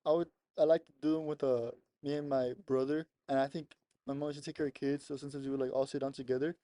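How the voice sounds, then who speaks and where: A man's voice: medium pitch, little pitch movement, fast talker, dark tone. A young man co-hosting a podcast, chatting casually and laughing often as he retells funny clips. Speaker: podcast co-host. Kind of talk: casual chat.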